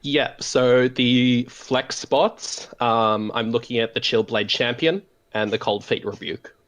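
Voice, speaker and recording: An Australian man on a voice call, calmly explaining a card game in a measured way, with frequent "um" pauses. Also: mid-range voice. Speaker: guest deck expert. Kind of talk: casual explanatory chat over voice call.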